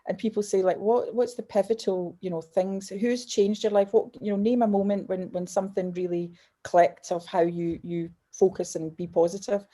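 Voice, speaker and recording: A Scottish woman in her fifties chats as an interview guest with a mellow, warm tone. She tells her stories in a lively way, cutting herself off and starting again as she goes. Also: mid-range voice, normal speed, few pauses. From Scotland. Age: 50s. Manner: lively storyteller, self-interrupting and restarting. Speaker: guest, business mentor and author. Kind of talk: casual chat.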